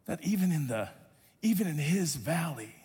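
A man's voice: on the high side, very animated, moderate pace, dark tone, slightly rough, long reverb tail. A male pastor preaching a sermon, stretching refrains into half-sung lines.

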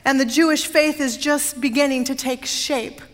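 A woman pastor with a high voice preaches to her congregation. She tells stories in a conversational way and turns to the people in the pews with asides. Her words ring out in a long, echoing reverb. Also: steady tone, moderate pace. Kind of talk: sermon. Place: church sanctuary. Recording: long reverb of a large sanctuary.

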